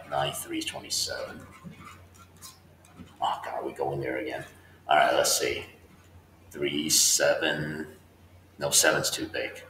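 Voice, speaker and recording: A man teacher working through a homework problem out loud, talking through each step and checking with students. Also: extremely low pitch, reverberant, slight background noise. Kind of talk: homework walkthrough lesson.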